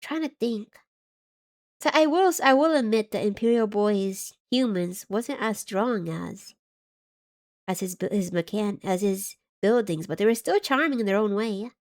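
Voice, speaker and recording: A woman's voice: mid-range voice, unhurried. A woman streaming a game live, chatting casually and reading chat aloud, scattered and giggly as she loses her train of thought.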